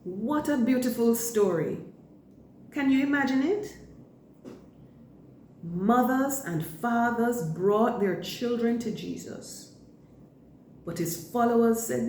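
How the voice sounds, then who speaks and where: A woman leading a church school lesson for children, speaking slowly and deliberately in simple words. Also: on the high side, animated, warm tone, roomy sound, a little hiss or hum.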